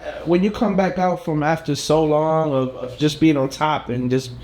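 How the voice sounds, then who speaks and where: A man's voice: a little high, normal speed, a little mellow. A man co-hosting a podcast in casual chat, laid-back and rambling with filler phrases. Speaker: podcast co-host.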